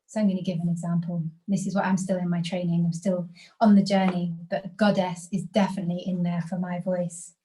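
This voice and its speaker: A woman leading a guided group workshop over a video call, speaking in a calm, encouraging way that invites reflection. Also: on the low side, brisk, low-quality recording. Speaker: workshop facilitator.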